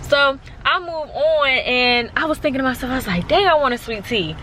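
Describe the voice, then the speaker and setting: A young woman tells a casual storytime on her vlog, rambling and animated with lots of "like" and "um." Her voice sits a little high and sounds bright and clear. There is a faint hum of noise behind her. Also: moderate pace. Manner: chatty, animated retelling with lots of fillers. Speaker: vlogger.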